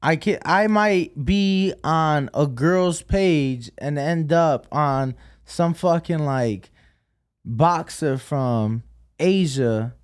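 Slow-talking slangy man chatting. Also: a little high. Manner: slangy, rambling, swears freely. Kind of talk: casual chat.

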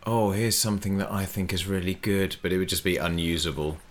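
A man co-hosting a comedy podcast, dry and joking, sometimes slipping into a slow, kindly storyteller voice. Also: deep voice. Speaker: podcast co-host. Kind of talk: casual comedic chat.

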